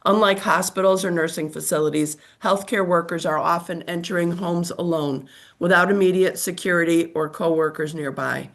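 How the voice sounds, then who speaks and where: An older woman with a scratchy, slightly low voice reads prepared testimony. She sounds formal and measured. She is heard over a remote call microphone. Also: fairly even intonation. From United States. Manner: formal, measured reading of a statement. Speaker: testifying witness.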